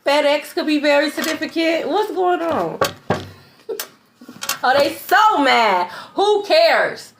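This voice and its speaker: A woman's voice: high-pitched, animated, measured pace, vocal fry, few pauses, noisy background. A woman giving a spiritual tarot reading in a blunt, preachy way. She swears, laughs in scorn and keeps asking "okay?". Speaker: tarot reader.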